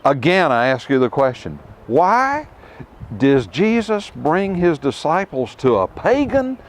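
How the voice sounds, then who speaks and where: A middle-aged man teaching scripture outdoors to a tour group, emphatic, with rhetorical questions and dramatic pauses. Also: fairly high pitch, sing-song, a little hiss or hum. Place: outdoors at ruins.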